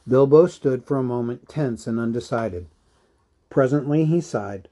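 A man reading a novel aloud in a measured, even storytelling manner. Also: mid-range voice. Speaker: audiobook reader.

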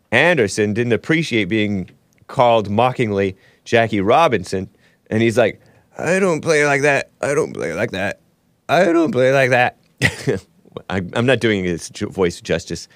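A man's voice: lowish voice, dry recording. A man hosting a solo commentary stream, a little under the weather, talking in a rambling, sarcastic way with frequent asides. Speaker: talk show host.

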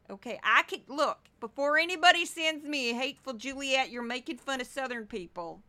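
A woman from Missouri hosting a casual, sarcastic commentary show, mocking news clips with animated asides. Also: high voice, fairly quick, hardly any pauses. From Missouri, United States. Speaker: political commentary host.

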